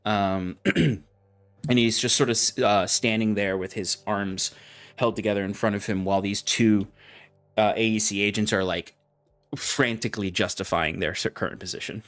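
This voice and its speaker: Low-voiced game master. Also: male voice, normal speed. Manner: relaxed, descriptive, with fillers. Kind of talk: narrating a tabletop game.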